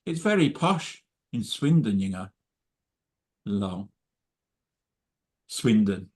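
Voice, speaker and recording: A man's voice: on the low side, big pitch swings. Stammering, sweary man at an open mic. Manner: halting, stammering, sweary drunken persona. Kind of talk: comic spoken-word performance. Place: live poetry night venue.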